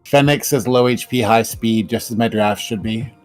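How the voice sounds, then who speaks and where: A young man co-hosting a casual chat, excitable and prone to hesitant starts. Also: mid-range voice, moderate pace, faint music behind. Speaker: podcast co-host.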